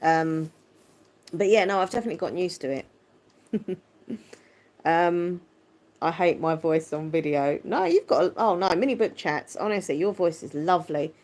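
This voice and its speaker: A woman with a lowish voice hosts a relaxed livestream, reading out viewer comments as she goes. Her tone is squeaky yet deep, and she chats easily and laughs often. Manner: chatty, warm-hearted, quick to laugh. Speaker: livestream host. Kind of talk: casual live chat, reading viewer comments.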